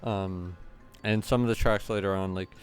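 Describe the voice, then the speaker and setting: A man's voice: low voice, steady tone, moderate pace, clear, resonant tone, soft background music. A man hosting a gaming channel, giving casual, rambling play-through commentary with lots of hesitant fillers.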